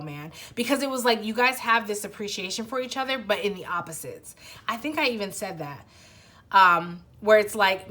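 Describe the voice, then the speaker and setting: Young adult woman, fairly low voice, casual tarot reading, rambling, lots of restarts, speaks to viewer. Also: fairly bright tone. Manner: rambling, many restarts and fillers, addresses viewer directly. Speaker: tarot reader.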